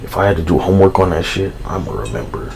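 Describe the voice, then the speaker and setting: A man's voice: deep voice, expressive, quick pace, vocal fry, crowd noise, poor audio. A man live streaming, rambling loosely in a casual, profane, slangy way. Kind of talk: rambling casual livestream talk.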